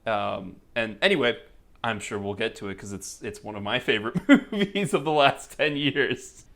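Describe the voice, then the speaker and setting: A man's voice: mid-range voice, lively intonation, normal speed, fairly bright tone. Laughing, jokey male podcast co-host. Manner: jokey, rambling, laughs often. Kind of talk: casual film chat. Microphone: headphones, home podcast setup.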